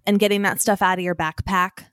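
A woman co-hosting a podcast who asks lively, curious questions in a casual chat. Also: mid-range voice, fairly quick, smooth, no room sound, studio quality. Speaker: podcast co-host.

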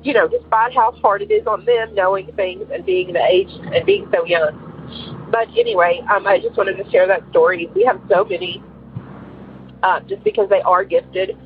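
A woman's voice: mid-range voice, expressive, moderate pace. A woman in her forties calling in to tell a personal story, rambling and emotional with many fillers. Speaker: caller. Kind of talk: telling a personal story on a call-in show. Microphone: phone. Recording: tinny phone line with faint hiss.

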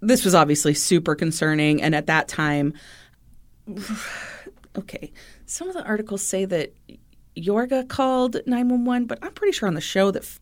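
A woman co-hosting a podcast, telling a true-crime story in a chatty way, with easy laughs and loose fillers. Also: mid-range voice. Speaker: podcast co-host.

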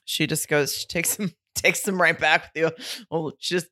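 A woman co-hosting a podcast in relaxed casual chat, wry and quick to laugh. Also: deep voice, dry recording, studio quality. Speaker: podcast co-host. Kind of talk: casual chat about reality TV.

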